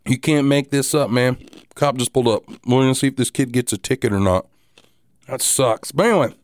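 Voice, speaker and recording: A man hosting a podcast, telling a story in a casual, animated, profane and wry way. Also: mid-range voice, fairly quick, no echo, clean studio sound. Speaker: podcast host.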